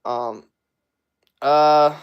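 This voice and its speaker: Profane, blunt fitness coach ranting. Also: male voice, a little high, steady tone, extremely slow, clean tone, highs cut off. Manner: profane, blunt, aggressive ranting with many fillers. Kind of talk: livestream rant answering chat.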